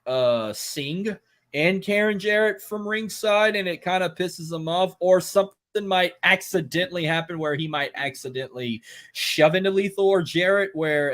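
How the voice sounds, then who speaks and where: Profane, joking podcast host. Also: male voice, a little high, moderate pace, a bit bright. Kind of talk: casual podcast chat.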